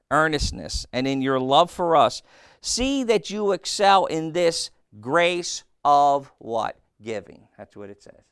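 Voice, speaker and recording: A man's voice: on the high side, smooth, dry recording, studio quality. A man preaching a sermon in a blunt, folksy way, often throwing questions back at the congregation. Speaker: pastor.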